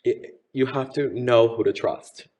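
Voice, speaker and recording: A man's voice: medium pitch, a little slow, darkish tone. A man in his thirties, a drag performer from Miami, chatting campily in an interview and calling people honey. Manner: campy, chatty, says honey. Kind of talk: casual interview chat.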